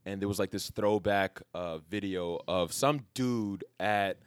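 A man's voice: measured pace, smooth, no room sound. A man co-hosting a podcast in casual chat, rambling and swearing, acting out quoted people with laughter. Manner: animated, laughing, acts out quotes in loud high voices. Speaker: podcast co-host.

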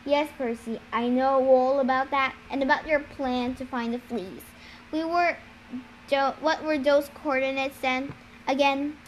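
A woman's voice: high voice, fairly even intonation, a little slow, slight background noise, rough recording. A woman reading the lines of a smug young male villain who taunts and sneers. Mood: taunting.

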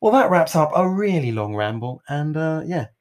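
A man's voice: on the high side, very animated, moderate pace. Playful, giggly man telling jokes. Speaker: podcast co-host. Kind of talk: casual chat, telling jokes.

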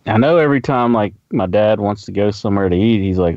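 A man's voice: on the low side, dry recording. A man chatting casually on a podcast, often stumbling and repeating words as he talks. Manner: halting, repeats words while searching for them. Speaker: podcast co-host. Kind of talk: casual chat. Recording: slightly dull, dry recording.

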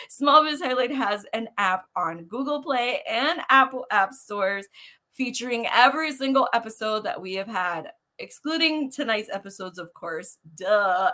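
A woman's voice: a little high, sharp tone. A woman hosting a live online interview over a video call, giddy and effusive, laughing often. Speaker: host.

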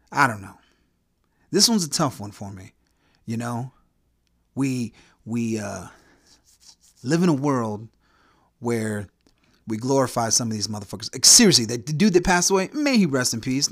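A man rants on a podcast in a crude, heckling, foul-mouthed monologue. His pitch swings widely as he works himself up. The sound is dry and close, with no room around it. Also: dry recording. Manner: angry, crude, heckling rant. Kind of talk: profane ranting monologue.

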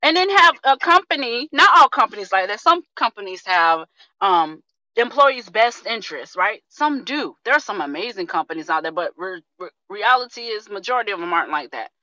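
A woman in her thirties giving an energetic, preachy testimony on a group video call, repeating herself for rhythm and calling her listeners family. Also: mid-range voice, a little fast, no echo, lo-fi sound. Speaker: community member sharing testimony.

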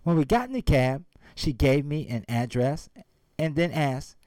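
A man's voice: on the high side, sing-song, unhurried, a little mellow, no room sound. A man giving a motivational speech and retelling a story, emphatic and speaking straight to his audience. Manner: emphatic, addresses the audience directly.

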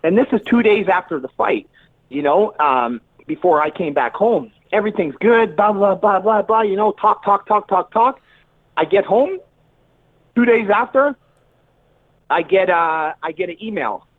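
A man telling a story as a boxer guest in a casual interview, animated and swearing freely. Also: sits high, measured pace, no echo. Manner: animated, swears, acts out quotes. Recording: tinny phone-like line, dry.

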